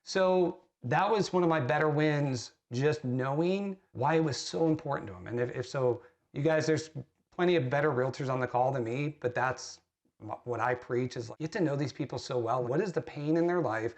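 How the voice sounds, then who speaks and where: A man's voice: medium pitch, normal speed, darkish tone. A man, a real estate agent, telling an earnest story while coaching other agents on a training call, often restarting his sentences.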